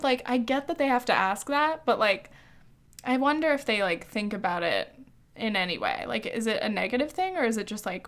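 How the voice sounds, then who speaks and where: A young woman in her early twenties talks through a casual podcast monologue with a slightly high voice. She is snarky and swears freely, and she fills her sentences with "like". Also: animated, normal speed, fairly bright tone, clear, resonant tone. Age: early 20s. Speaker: podcast host.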